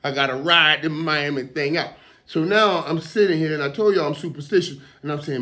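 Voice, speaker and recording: A man's voice: fairly high pitch, a little fast, bright, forceful tone. Emotional rambling man, casual talk. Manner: emotional, rambling, repeats words. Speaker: show host.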